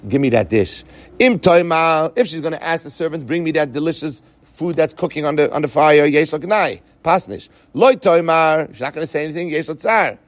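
Man, Ashkenazi yeshiva pronunciation, Talmud lesson, slightly high voice, dry close sound. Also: dry recording. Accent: Yeshivish Ashkenazi Hebrew pronunciation. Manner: chanting Aramaic quotes then explaining in English. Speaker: Talmud teacher.

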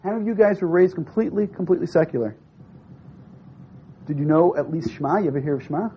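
This man's voice is a little high and fast. Teaching a classroom text study, he reads a source aloud, renders it line by line in translation, and keeps quizzing his students in a lively, probing way, all captured on a dull lo-fi recording with a little hiss or hum.

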